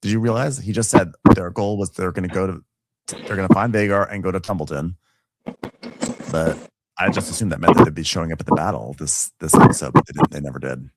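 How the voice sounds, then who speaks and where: A man co-hosting a casual podcast, recapping an episode and acting out the characters' lines with big jumps in pitch. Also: fast, creaky, heavy background noise. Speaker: podcast co-host.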